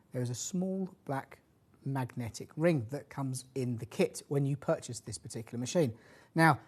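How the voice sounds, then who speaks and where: A man introducing a product demonstration, setting out each part in a steady, measured voice. He explains the kit step by step like a trade presenter. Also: fairly high pitch.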